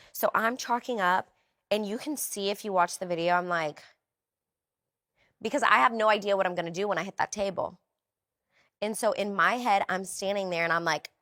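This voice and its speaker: A woman's voice: medium pitch, fast, a bit bright. A woman in her twenties, a podcast guest, recounting a story candidly and acting out her own thoughts in quoted asides.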